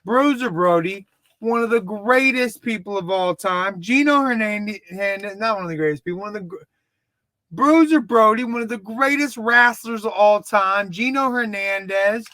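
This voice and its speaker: Excitable Texan man reviewing a movie. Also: high voice, normal speed, no room sound. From Dallas, Texas. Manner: rambling, excitable, self-mocking. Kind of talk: casual video review.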